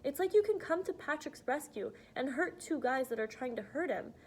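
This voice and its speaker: A woman voicing an earnest teenage girl who pleads softly but firmly, her voice a touch higher than ordinary. She presses her points with open feeling in an audiobook reading. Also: lively intonation, normal speed. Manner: earnest, pleading, soft-spoken.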